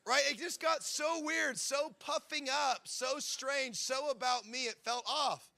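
This pastor in his thirties preaches through animated stories, performing the quoted words of each character himself. He speaks at an extremely high pitch and a little slowly.

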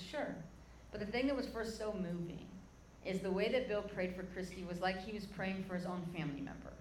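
A woman's voice: lowish voice, slight background noise. Impassioned woman preaching in an echoey hall. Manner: emotional storytelling, addresses crowd as "guys". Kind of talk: sermon testimony.

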